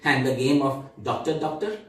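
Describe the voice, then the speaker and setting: An actor playing a young man who fondly recalls crude childhood discoveries, speaking in slow, reflective storytelling. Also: medium pitch, steady tone, lightly acted. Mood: wry nostalgic. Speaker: stage actor. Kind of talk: theatrical monologue. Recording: echoey room, mic far off.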